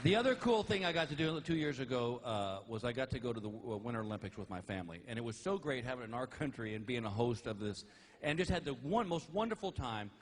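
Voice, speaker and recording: A middle-aged man doing a stand-up comedy routine, telling stories animatedly and jumping into high put-on voices for others. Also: quick pace, some chatter behind. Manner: animated storytelling with high-pitched put-on voices for wife and dog. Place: large theater stage with a laughing audience. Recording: live concert recording with audience noise.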